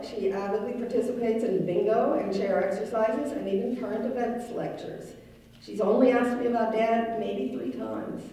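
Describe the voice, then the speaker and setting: A middle-aged woman giving a wry, gently humorous memorial tribute to her late father. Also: mid-range voice. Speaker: daughter giving a eulogy. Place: large synagogue hall. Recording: echoey hall, mic far off.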